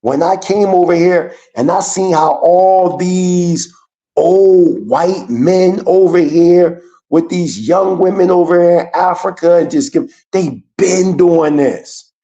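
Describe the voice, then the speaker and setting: Male guest, casual livestream talk, mellow tone, slightly high, earnest and rambling. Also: slow, dull audio. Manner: earnest, rambling, searching for words.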